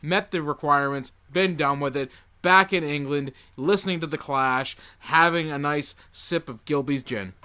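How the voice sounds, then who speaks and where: A man's voice: fairly high pitch, moderate pace, bright, forceful tone, smooth. A man co-hosting a podcast, dropping wry jokes and pushback in casual movie-review chat. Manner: wry, jokey interjections. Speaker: podcast co-host.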